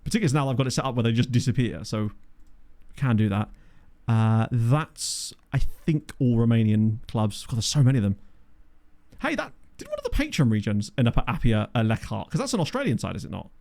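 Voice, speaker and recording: Chatty man with a lively, bouncing voice. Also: mid-range voice, fairly quick, creaky. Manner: chatty, thinking aloud, frequent excited exclamations. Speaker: game commentator. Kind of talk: casual gameplay commentary. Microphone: desk microphone.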